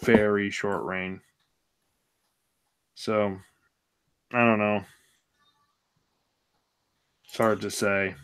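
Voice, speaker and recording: A man's voice: lowish voice, level tone, drawn-out words, pauses often, a bit bright, clean tone. A man co-hosting a podcast in casual chat, laid-back and wry, hesitating with many ums. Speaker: podcast co-host.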